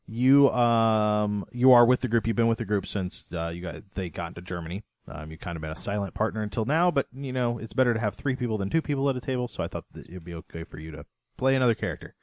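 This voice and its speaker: A man's voice: on the low side, expressive, a little mellow, no room sound, studio quality. A man running a tabletop game as game master, talking casually and hesitantly, with many fillers and restarts. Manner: halting, full of fillers and restarts.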